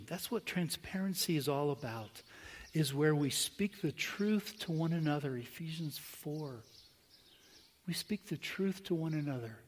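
Male pastor, fairly high voice, storytelling sermon, long hall echo. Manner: conversational, anecdotal, swings between quick asides and slow emphatic phrases.

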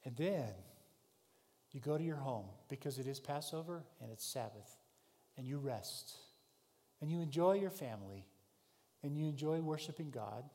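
A man's voice: on the high side, lively intonation, normal speed, long pauses. Man preaching in a reverberant hall. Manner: vivid second-person storytelling, shifting from shouts to hushed tones. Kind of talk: sermon.

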